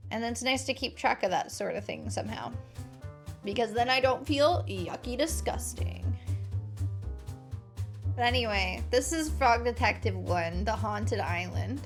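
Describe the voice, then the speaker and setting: A woman streamer chatting casually and playfully while she plays a game. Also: fairly high pitch.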